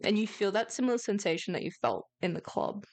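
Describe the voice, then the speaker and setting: A woman narrates a tabletop game in a casual, chatty way. She laughs often and stops to search for words mid-description. Soft music sits faintly behind her. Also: mid-range voice, sing-song, quick pace. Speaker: game master.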